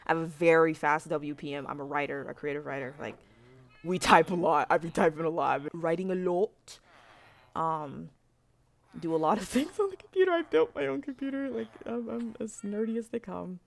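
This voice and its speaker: A woman's voice: lowish voice, fairly quick, vocal fry. A young woman telling a story to camera in a frank, rambling rant, with lots of fillers and swearing. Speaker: vlogger.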